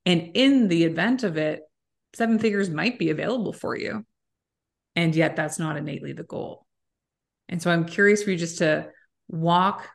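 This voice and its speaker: A woman hosting a podcast who reflects back what her guest says and asks open questions in a relaxed way, with the odd swear word. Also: lowish voice, normal speed, creaky. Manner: reflective, sums up the guest's points, swears casually. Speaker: podcast host. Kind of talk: casual interview conversation.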